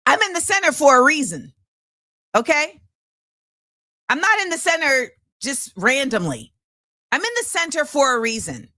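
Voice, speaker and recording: A woman host in her thirties delivering an impassioned commentary monologue, emphatic and forceful, with repeated rhetorical phrasing. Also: sits high, very animated, normal speed, pauses often, no echo, studio quality.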